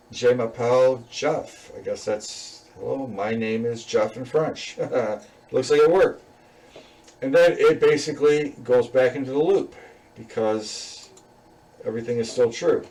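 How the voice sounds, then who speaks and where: A man talks through his coding assignment in a loose, easygoing way, full of "um"s, "you know"s and little laughs. His voice sits at an ordinary middle pitch and sounds a bit distant from the microphone. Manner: relaxed, rambling, many fillers and chuckles. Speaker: student presenting a class assignment. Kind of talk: casual screen-recorded code walkthrough.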